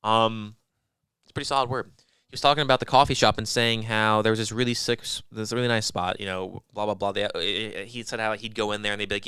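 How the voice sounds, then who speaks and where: A young man talks quickly in casual podcast banter, rambling and swearing as he retells stories. His voice is smooth and resonant. The sound is dry and close, with no room echo. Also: lowish voice, fairly even intonation, sharp tone. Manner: rambling, profane, mimics people in quoted voices. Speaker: podcast co-host.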